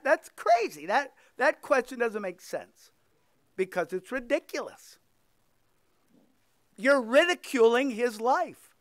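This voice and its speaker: A man's voice: very high voice, fairly bright tone, dry recording, studio quality. A male pastor preaching a sermon and leading a closing prayer, impassioned and emphatic, repeating phrases for weight and quoting scripture.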